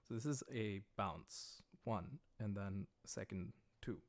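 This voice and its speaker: Low-voiced American man teaching a livestreamed lesson. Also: takes it slowly. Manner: patient, plain explanations with frequent "uh" and "um". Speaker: language teacher. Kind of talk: livestreamed lesson, explaining as he writes. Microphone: livestream microphone.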